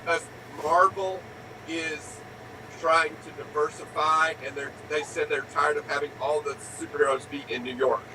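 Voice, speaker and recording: An American man argues his points emphatically in a casual panel chat, swearing as he gets worked up. He sits away from the mic, with his voice a little high. Steady background noise runs under the recording. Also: normal speed, distant mic. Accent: American English. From United States. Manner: emphatic, swears when riled.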